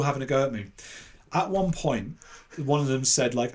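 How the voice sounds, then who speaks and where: A man with an English accent telling a long anecdote as a podcast guest, animated and acting out the voices of other people. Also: medium pitch, normal speed. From England. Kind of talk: casual anecdote in an interview.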